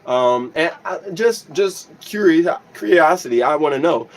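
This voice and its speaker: Young male musician hosting a casual stream, slightly high-pitched, earnest and thankful, reads chat aloud. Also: lively intonation, measured pace, rough recording. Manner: reads chat aloud, grateful and emotional, many restarts. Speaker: livestream host and musician.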